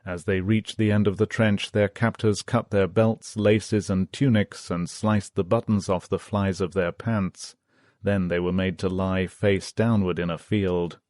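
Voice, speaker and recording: Low-voiced man reading an audiobook. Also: steady tone, unhurried, darkish tone, no room sound, studio quality. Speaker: audiobook narrator. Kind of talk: audiobook narration.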